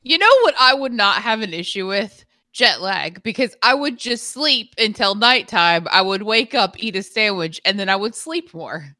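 A woman's voice: mid-range voice, animated, normal speed, few pauses, bright, forceful tone, no room sound, studio quality. A woman co-hosting a stream, chatting casually in a playful, teasing way. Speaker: streamer co-host. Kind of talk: casual chat.

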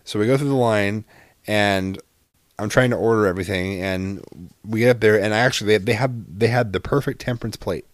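A man's voice: lowish voice, a little fast, dry recording, clean studio sound. A man in his thirties telling a story in casual chat, exasperated and profane, rambling with lots of fillers.

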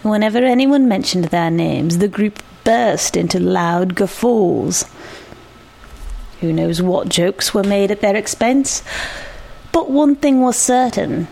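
Lady reading a story out loud, slow and measured, bit of vocal fry. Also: medium pitch. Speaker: narrator. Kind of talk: reading a short story aloud.

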